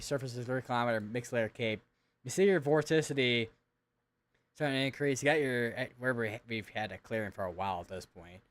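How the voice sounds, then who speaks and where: Live storm updates come from a young man hosting a weather stream, his mid-range voice carrying a fairly bright tone. The severe weather commentary is loose and rambling, peppered with fillers and restarts.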